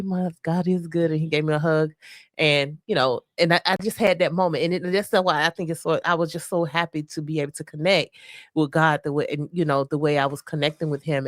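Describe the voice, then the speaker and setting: A woman co-hosting a faith-based marriage podcast, talking softly and reflectively with many pauses and fillers. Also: sits low, steady tone, dry recording, clean studio sound. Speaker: podcast co-host. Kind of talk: casual faith-based chat about marriage.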